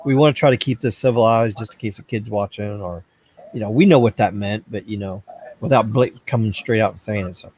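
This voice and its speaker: A man's voice: lowish voice, a little fast, a little mellow, slight background noise. A man hosting a casual livestream, chatting loosely and reading viewer comments aloud. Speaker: livestream host.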